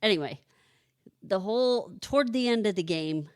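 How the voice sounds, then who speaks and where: A woman's voice: medium pitch, expressive, moderate pace, dry recording, clean studio sound. A woman co-hosting a podcast, telling a family story in casual chat with lots of fillers. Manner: chatty storyteller, many fillers. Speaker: podcast co-host.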